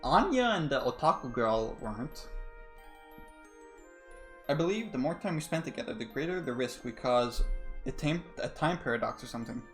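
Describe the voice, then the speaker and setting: A man's voice: mid-range voice, expressive, moderate pace, pauses often, faint music behind, natural voice. A man reading as a flustered schoolgirl. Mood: hesitant.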